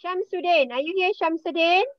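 A woman's voice: very high voice, normal speed, no room sound, muffled recording. A woman with a Malaysian accent teaching English in an online class, patiently repeating words and calling names. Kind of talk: online class roll call and vocabulary quiz.

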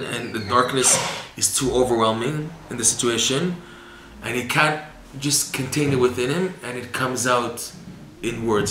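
A man's voice: mid-range voice, bright, forceful tone. A man giving a religious lesson, earnest and rising to impassioned cries when he voices pleas to God. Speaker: Torah teacher. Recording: echoey room with faint background hiss.

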